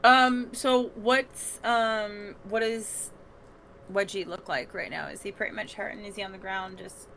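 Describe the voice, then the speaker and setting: A woman playing a tabletop wrestling game, unhurried and giggly, thinking aloud as she describes her moves. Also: medium pitch, fairly even intonation, a bit bright, slight background noise. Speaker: player. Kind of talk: casual tabletop role-play.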